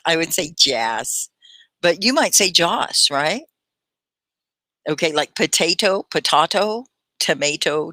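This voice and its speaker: A woman's voice: fairly low pitch, pushed and bright, dry recording. A woman from Texas with a Texan accent, teaching a live online English lesson in an encouraging, instructive way. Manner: encouraging, instructive, slow for learners. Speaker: ESL teacher.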